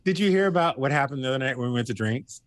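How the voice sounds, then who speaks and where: A sassy man from the American South chats on a podcast, blunt and full of energy. His voice sits at a middling pitch. The recording is close and dry, with no room sound. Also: rapid-fire, no room sound. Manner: animated storyteller who acts out quotes in a high voice. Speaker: guest, TV host. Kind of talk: casual podcast chat.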